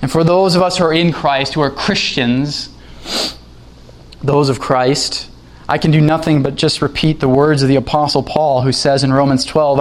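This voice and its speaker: A man's voice: fairly high pitch, steady tone, moderate pace. A man preaching a sermon as pastor, earnest and rising in emphasis when quoting scripture.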